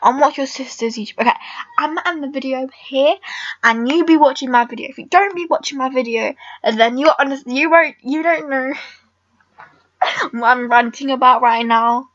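High-voiced teen girl rambling over gameplay. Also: moderate pace, fairly bright tone, no echo, dull audio. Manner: rambling, blunt, frequent "like" fillers. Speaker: gamer vlogger. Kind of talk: casual game commentary.

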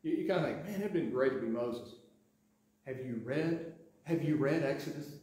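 Medium-pitched and mellow, with lively intonation and a moderate pace, a pastor from Sweetwater preaches in a very echoey sanctuary. He speaks conversationally, often restarting sentences and acting out the passages he quotes.

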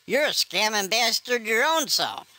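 A woman's voice: a little high, animated, a little slow, pushed and bright. A woman voicing a cranky, foul-mouthed older man on a prank phone call, impatient and swearing. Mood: furious. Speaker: scam baiter.

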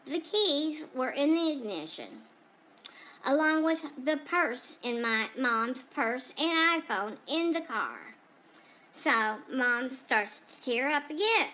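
A woman's voice: high voice, sing-song, slow pace, pushed and bright, exaggerated voice. Woman voicing a gossipy female pet dog. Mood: chatty. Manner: rambling gossipy storytelling with frequent asides. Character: chatty female dog telling her day. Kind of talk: first-person pet vlog narration.

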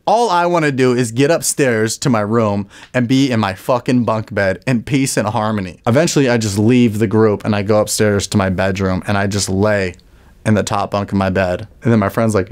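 Profane young man telling a wild story. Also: animated. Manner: rapid, profane, jumps high for punchlines and acts out people. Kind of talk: animated comic storytelling.

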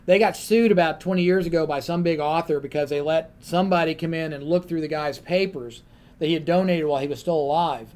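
A man on a panel telling a lively anecdote and acting out the other people in his story. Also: a little high, brisk.

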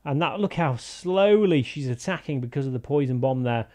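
A man's voice: mid-range voice, animated, normal speed, darkish tone. A man giving casual, jokey commentary over a strategy game, rambling into silly asides. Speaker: gaming YouTuber.

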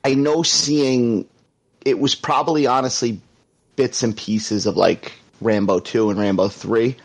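Brief: man, Staten Island New York accent, relaxed guest co-host, mid-range pitch, chatty and quick to laugh. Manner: easygoing, laughs often, quick friendly asides. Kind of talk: casual podcast chat.

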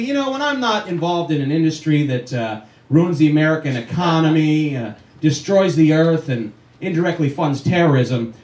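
A man's voice: fairly high pitch, sing-song, moderate pace, darkish tone. A man doing a stand-up comedy set in a small club, sarcastic and ranting, swearing often. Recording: roomy club audio from far off.

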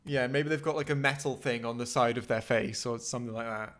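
A man's voice: medium pitch, a little fast, a bit bright. A man co-hosting a podcast in casual chat, rambling and blunt, swearing now and then. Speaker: podcast co-host.

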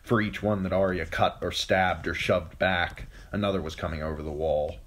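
A male audiobook narrator with a deep, low voice, reading a fantasy chapter aloud. He tells the story steadily, fixing an occasional slip as he goes. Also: fairly even intonation, moderate pace, fairly bright tone, slight background noise. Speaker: audiobook reader. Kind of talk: scripted narration.

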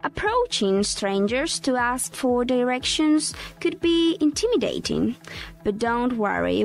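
Young female podcast co-host, slow and careful delivery, laughs easily, light music bed. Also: high-pitched, creaky. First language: Spanish. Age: young adult. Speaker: student co-host. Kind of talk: casual podcast chat teaching English phrases.

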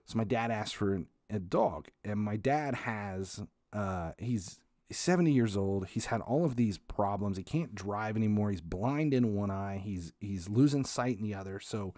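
A man with a low-pitched voice hosts a podcast and tells a comic story about his family. He speaks casually and with energy, swearing freely, restarting his sentences and laughing through the funny parts. The sound is dry and close to the mic. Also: no echo. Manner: animated, swearing, frequent restarts, quick to laugh. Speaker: podcast host.

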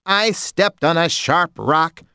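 A man voicing a clever, cheeky male monkey in a high, playful, sly voice over music. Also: slow, bright, forceful tone, smooth, no echo, studio quality, heavily acted. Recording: music bed underneath.

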